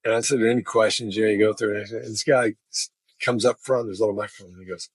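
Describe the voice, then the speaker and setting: Brief: man, relaxed chatty storyteller, husky low voice, dry recording. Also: fast, no echo. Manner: chatty, laughs while telling stories. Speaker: body language expert. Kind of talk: casual storytelling.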